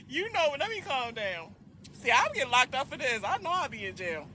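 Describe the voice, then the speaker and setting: Loud, high, bright-voiced woman. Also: brisk, a little hiss or hum. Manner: loud, profane, animated, laughs often. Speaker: trucking vlogger. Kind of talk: casual storytelling to camera.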